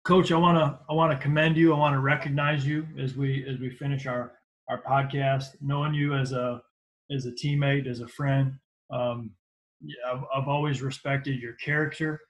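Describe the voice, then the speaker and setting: A man hosts a podcast for coaches and speaks in an earnest, even tone. His pitch stays mostly level and there is little rise and fall in his delivery. He sounds sincere as he praises his guest and closes the episode. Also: moderate pace, low-quality recording. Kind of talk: podcast interview and sign-off.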